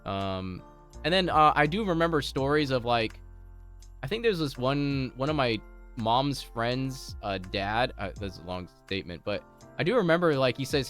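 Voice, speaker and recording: A man's voice: mid-range voice, lively intonation, moderate pace, a bit bright, clean tone, faint music behind. A man streaming from home, chatting casually with his viewers, rambling through stories with lots of laughter and restarts.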